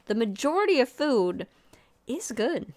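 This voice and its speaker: A woman from California co-hosting a casual podcast, joking and chiming in with quick asides. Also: on the high side, big pitch swings, a little mellow. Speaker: podcast co-host. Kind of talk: casual chat.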